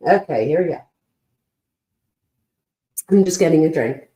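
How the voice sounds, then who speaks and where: A woman's voice: fairly low pitch, unhurried, long pauses, dark tone. A woman hosting a true crime show, reading text messages aloud and adding sarcastic, exasperated asides. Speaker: true crime commentary host. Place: at home with her dog.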